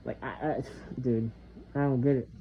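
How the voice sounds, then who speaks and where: A young man vents in a loose, rambling monologue, swearing freely and letting his sentences trail away into mutters. His voice sits at an ordinary pitch. The recording is slightly dull and lo-fi, with a faint hiss of background noise behind him. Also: steady tone, moderate pace. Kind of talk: casual monologue vent.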